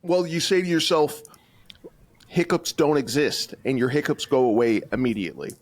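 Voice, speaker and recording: Lively higher-voiced man teasing his co-host. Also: moderate pace. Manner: teasing, deadpan jokes. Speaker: podcast co-host. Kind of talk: casual podcast chat.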